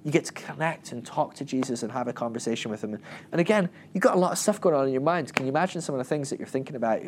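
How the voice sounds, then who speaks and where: A man's voice: medium pitch, rapid-fire, a little hiss or hum. A man giving a casual, humorous Bible teaching, joking and acting out quoted lines. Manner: jokey, animated, acts out quotes in raised voices. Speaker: Christian teacher.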